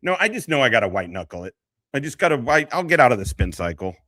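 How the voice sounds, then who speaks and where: A man's voice: mid-range voice, sing-song, quick pace, a bit bright, no echo. A man hosting a casual livestream, talking in a rambling, profane, emotional way. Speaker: livestream host and veteran.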